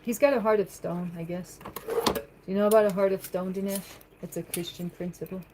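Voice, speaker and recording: Woman on a home livestream, rambly, reading chat out loud and answering, mid-pitched voice, faint noise behind. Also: fairly even intonation, a little fast. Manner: chatty, rambling, reads comments aloud and answers them. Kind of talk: casual livestream chat, answering viewer comments. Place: home, at the kitchen sink.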